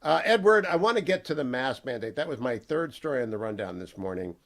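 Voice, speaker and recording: Male radio host, energetic and emphatic, studio sound, mid pitch. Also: a little fast. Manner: energetic, emphatic, playful openings. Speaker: radio talk show host. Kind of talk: talk radio monologue and chat.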